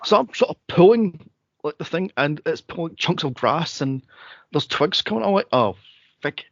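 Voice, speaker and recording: A podcast co-host from Scotland, whose voice is slightly higher and creaky, tells a story at a moderate pace in a casual chat. He's animated and relaxed, swears freely, and laughs his way through the tale. The recording is dry, close, and muffled with a lo-fi quality and no echo.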